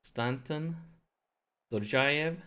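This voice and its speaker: A man hosting a let's play, commentating his football management game, nervous and excited, keeping his voice down at home late in the evening. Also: mid-range voice, clean tone. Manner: excitable, nervous, talks to viewers; deliberately holds his voice down to avoid waking neighbors.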